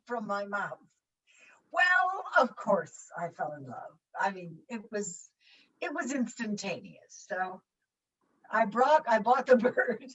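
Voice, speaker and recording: An older actress telling an anecdote as a guest in a virtual conversation, animated and acting out voices and sounds. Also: female voice, medium pitch. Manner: animated storyteller who acts out voices and sounds. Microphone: video call. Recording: dull distant video call audio.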